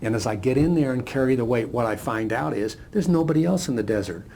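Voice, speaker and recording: A man's voice: mid-range voice, animated, fast talker, vocal fry, a little mellow, slight background noise. A man voicing a weary male camel, a beast of burden that grows lonely as it hauls its load. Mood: earnest.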